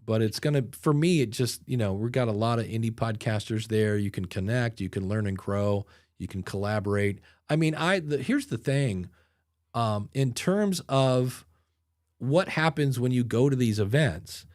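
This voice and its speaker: A man's voice: medium pitch, expressive, normal speed, darkish tone. Chatty man telling stories on a podcast. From Ohio. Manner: chatty storyteller, acts out quoted people. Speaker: podcast host. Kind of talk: casual podcast chat.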